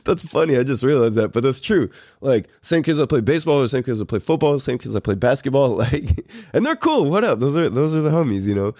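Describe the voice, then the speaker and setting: A man's voice: medium pitch, lively intonation, fast talker, warm tone, no room sound, clean studio sound. A man in his thirties from California, a podcast host telling a story in a loose, profane, rambling way with frequent laughs. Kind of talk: casual storytelling.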